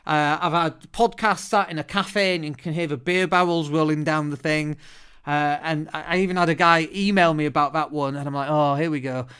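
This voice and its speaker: A British man hosting a solo podcast, talking in a chatty, lively way into a studio microphone and often restarting his words. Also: a little high, normal speed, clean tone. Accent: British English. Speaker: podcast host.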